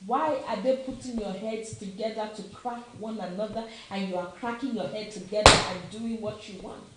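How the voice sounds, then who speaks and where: A woman's voice: medium pitch, moderate pace. A middle-aged Nigerian woman with a Nigerian accent, giving an impassioned opinion talk with emphatic repeated questions. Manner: emphatic, repeats questions, slips into Yoruba phrases. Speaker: commentator. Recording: very echoey room, faint noise.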